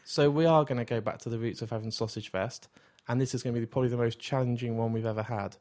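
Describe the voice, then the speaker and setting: An enthusiastic man co-hosts a casual film chat in a mid-pitched voice. He jokes around, swears freely, and piles up examples as he builds his point. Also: fairly even intonation, fast, a little mellow. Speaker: podcast co-host.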